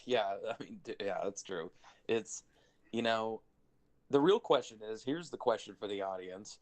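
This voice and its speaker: A man co-hosting a casual TV review chat, opinionated and quick to slip into impressions. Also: lowish voice, lively intonation. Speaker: podcast co-host.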